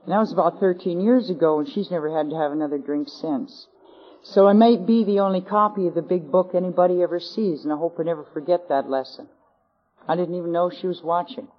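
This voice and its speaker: On an old, dull 1980s convention recording, a woman with a Canadian accent speaks a little fast in a lowish voice. She's telling a recovery convention crowd her personal story with wry self-mockery.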